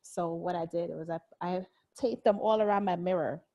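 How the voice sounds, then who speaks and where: Bubbly woman talk show host, low voice. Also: normal speed, dark tone, no echo. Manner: bubbly, laughs often, hearty sign-off. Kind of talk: casual talk show chat.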